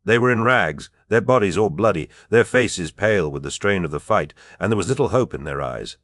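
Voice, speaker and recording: A man with a low, deep voice narrates a fantasy audiobook at a measured, even pace. He reads steadily, with a close, dry sound and no room echo. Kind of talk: scripted narration.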